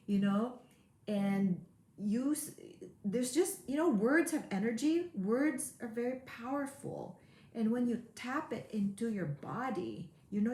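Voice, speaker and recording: A woman's voice: a little high, reverberant. A woman coach giving a motivational webinar, earnest and repeating key words for emphasis. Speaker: high performance coach. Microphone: webinar mic.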